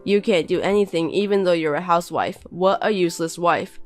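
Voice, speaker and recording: A woman's voice: lowish voice, brisk, soft background music, lightly acted. A woman voicing a contemptuous young husband who belittles and bosses his wife in a text-message story. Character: scornful insulting young husband.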